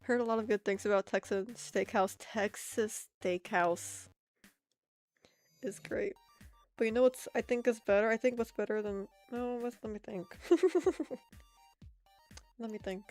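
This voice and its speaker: A woman's voice: a little high, moderate pace, a little mellow, soft background music. An American woman streaming her art, chatting casually with viewers in a rambling way and laughing often. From United States.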